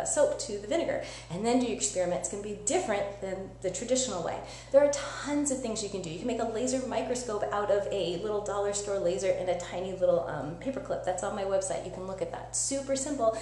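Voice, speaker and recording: Energetic woman teaching science. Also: mid-range voice. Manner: energetic, chatty, asks listeners "right?". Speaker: science educator. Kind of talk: live-streamed teaching demo. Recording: echoey room with faint hum.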